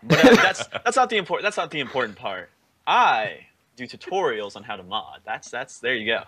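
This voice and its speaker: A man's voice: mid-range voice, sing-song, moderate pace, a loud crowd. A man on a casual gaming podcast, rambling and stammering, with mock boasts. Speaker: podcast co-host, modding tutorial maker.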